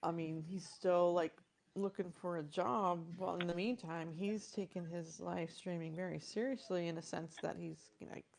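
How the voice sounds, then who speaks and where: Chatty Upper Midwest woman, stream co-host, gravelly edge. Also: fairly low pitch, steady tone, moderate pace, darkish tone, slight background noise. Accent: Upper Midwest American. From Upper Peninsula of Michigan. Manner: chatty, lots of "like" and "you know". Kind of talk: casual chat while drawing.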